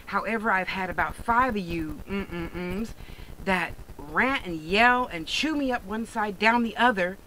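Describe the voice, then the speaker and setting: A woman's voice: mid-range voice, unhurried, sharp tone, slight background noise, poor audio. A woman who sells jewelry online, ranting bluntly and sarcastically in a profane vlog monologue. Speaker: online jewelry and crystal seller.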